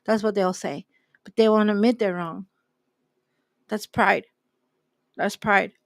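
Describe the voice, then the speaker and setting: A woman's voice: mid-range voice, fairly even intonation, slow pace, creaky, no echo, clean studio sound. A woman hosting a faith talk, preaching in an emphatic way and repeating her key phrases. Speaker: host.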